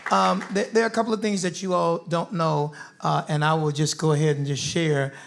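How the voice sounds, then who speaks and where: A man's voice: a little high, flat delivery, brisk, gravelly, background noise. Man in his fifties moderating a forum. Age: 50s. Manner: preacherly, calls for crowd responses. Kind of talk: lively town hall moderating.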